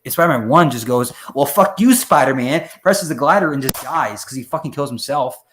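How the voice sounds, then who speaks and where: A man's voice: medium pitch, brisk, slight background noise. A man talking as a podcast guest in a casual chat, rambling and profane, acting out voices as he goes. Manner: rambling, profane, animated, acts out character voices.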